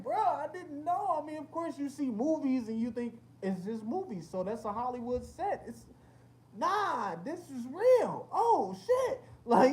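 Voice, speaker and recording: This young livestream host has an extremely high-pitched voice, with slight background noise. In a casual setting, he reads chat comments and spins lively stories full of slang and swearing.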